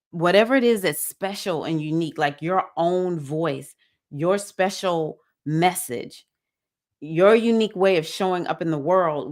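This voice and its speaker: This fairly low-pitched woman has a Southern accent and hosts a women's spiritual circle over livestream. She addresses the group in an earnest, sermon-like manner, now and then breaking into excitement.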